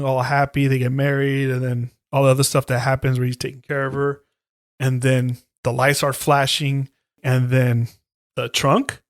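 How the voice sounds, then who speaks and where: This podcast co-host tells the story of a horror movie in casual conversation, swearing heavily and playing out what the characters say. He has a mid-range voice, captured in clean studio sound with no echo.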